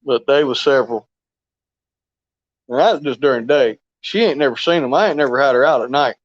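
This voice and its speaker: A man's voice: medium pitch, fairly quick, no echo. Folksy male fishing streamer, rambling and chuckly; dry, dull lo-fi audio. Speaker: fishing live stream host. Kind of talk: casual live stream chat.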